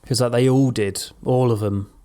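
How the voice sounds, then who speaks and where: A man's voice: mid-range voice, fairly even intonation, normal speed, dark tone. A man from Suffolk, England, chatting casually and wryly on a live stream in a rambling manner. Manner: rambling, wry. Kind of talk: casual chat.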